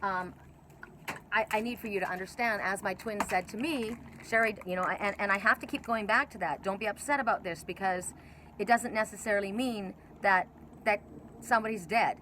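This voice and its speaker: Emotional, rambling woman with a bright voice. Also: mid-range voice, normal speed, a little hiss or hum. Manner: emotional, rambling, repeats herself and restarts. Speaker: oracle card reader. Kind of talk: spiritual video talk to viewers.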